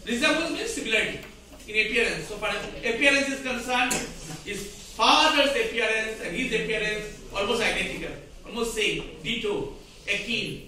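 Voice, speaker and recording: A man's voice: high-pitched, normal speed, sharp tone, far from the mic, slight background noise. A male English teacher giving a grammar lesson to a class, asking questions and having students repeat the rules. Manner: repetitive, questioning, drills students in call-and-response. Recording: very echoey room, voice from afar.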